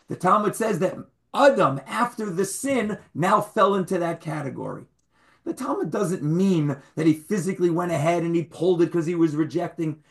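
A man leading a Torah class with a slightly higher voice than most men. He quizzes his listeners, repeats key words to drive them home and drops in wry jokes about himself. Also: a bit bright. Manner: quizzes the audience, wry humorous asides. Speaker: rabbi teaching a class.

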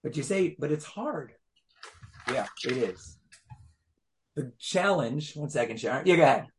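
A man teaching an interactive Torah class, emphatic and animated, firing rhetorical questions at his students. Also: medium pitch, normal speed.

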